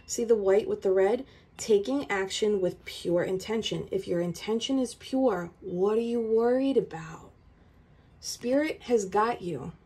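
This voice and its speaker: A woman's voice: medium pitch, dark tone, breathy edge. A woman giving a tarot reading straight to the viewer, urgent and emphatic, repeating her points. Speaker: tarot reader.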